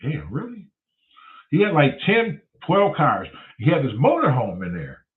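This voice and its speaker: Host, male, 60s, raised lively pitch, foul-mouthed animated storyteller, tinny phone-line sound. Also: normal speed. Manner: profane, animated, acts out both sides of conversations. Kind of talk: casual storytelling.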